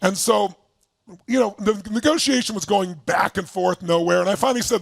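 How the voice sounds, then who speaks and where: A man with a raspy, gravelly voice telling a story to a live audience as a motivational speaker. He is emphatic and acts out quoted lines. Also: expressive, a little fast, dry recording. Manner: emphatic, acts out quotes with big swings in pitch.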